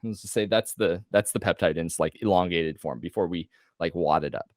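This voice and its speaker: A man tutoring a student on a video call, explaining loosely with casual slang and quick self-corrections. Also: sits low, no echo, clean studio sound. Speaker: medical tutor.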